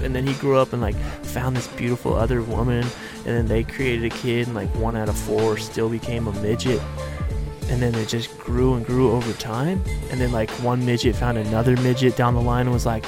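A man's voice: medium pitch, a little fast, over music. A man hosting a solo podcast, rambling off the cuff with crude jokes from a hospital room. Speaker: podcast host.

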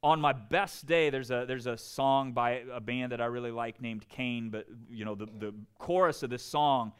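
A man preaching a sermon, earnest, dropping to soft, quiet tones for emphasis. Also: medium pitch, moderate pace, clear, resonant tone. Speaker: pastor.

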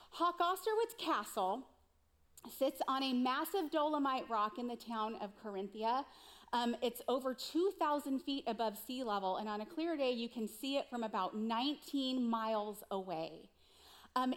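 A woman pastor preaching a sermon in an earnest, direct way, putting questions to the congregation. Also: sits high.

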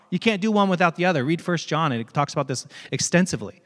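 A pastor delivering a conversational sermon, retelling a parable with animated asides. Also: male voice, fairly high pitch, fast, few pauses, big-room sound. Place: church sanctuary.

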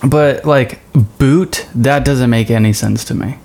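A man's voice: mid-range voice, a little slow, creaky, a little mellow. A man co-hosting a podcast, chatting casually and hesitantly with lots of fillers. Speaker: podcast co-host. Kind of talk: casual chat.

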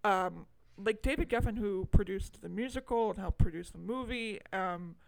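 A woman's voice: medium pitch, moderate pace, vocal fry, no echo, poor audio. Chatty woman gushing about movies. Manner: enthusiastic, chatty, many fillers and asides. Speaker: podcast co-host. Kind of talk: casual movie chat.

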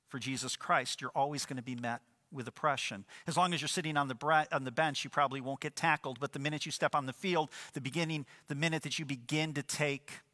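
Male pastor, emphatic sermon delivery, bright tense voice, long hall reverb. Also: a little high. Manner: emphatic preaching with repeated phrases and rhetorical questions.

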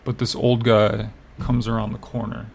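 A man's voice: lowish voice, little pitch movement, normal speed, gravelly, a little hiss or hum. A man telling a story in casual chat. He rambles, fills his talk with "like" and swears now and then.

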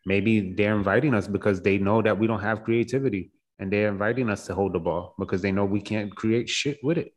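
A man's voice: lowish voice, rough recording. A man in a casual football chat, talking hesitantly with many fillers.

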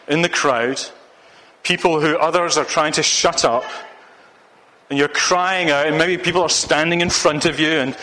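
A Scottish man with a slightly high, sharp-toned voice preaches a sermon under long hall reverb. He sounds earnest and urging, repeating phrases for emphasis.

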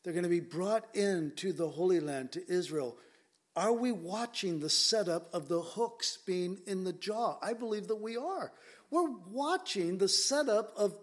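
A male pastor with a slightly higher-pitched voice, preaching in an emphatic, conversational way. He leans on rhetorical questions as he works through the verses. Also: expressive, measured pace. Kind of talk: expository sermon.

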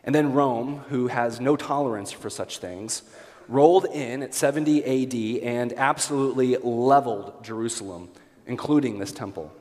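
A man's voice: medium pitch, moderate pace, a little mellow. Male pastor, mid-range voice, conversational sermon delivery, long hall reverb. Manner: conversational, self-deprecating humor, rhetorical questions. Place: church sanctuary.

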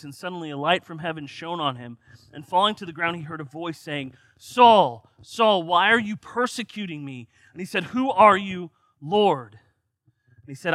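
Bright-voiced man preaching a sermon. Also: on the high side, dry recording. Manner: reads scripture aloud, then explains with rising emphasis.

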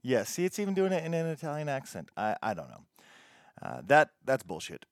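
A man's voice: medium pitch, wildly swooping pitch, fairly quick, no echo, clean studio sound. A man hosting a music show, talking casually, stumbling over foreign words and swearing offhandedly. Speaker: radio show host.

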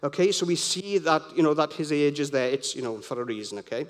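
A man's voice: fairly high pitch, lively intonation, fast. A middle-aged man gives a sermon in a conversational, rambling way full of personal anecdotes. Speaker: preacher.

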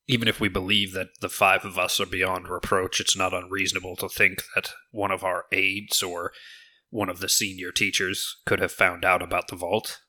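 A man's voice: low voice, level tone, normal speed, bright, forceful tone, heavily acted. A man voicing a sensible male dwarf on a school's senior staff in a tabletop game. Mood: measured.

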